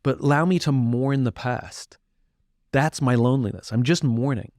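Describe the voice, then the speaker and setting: A man's voice: mid-range voice, moderate pace, darkish tone, no room sound. Candid reflective man, dry close mic. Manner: candid, self-reflective, acts out quoted voices. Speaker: podcast guest. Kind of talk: reflective conversational talk.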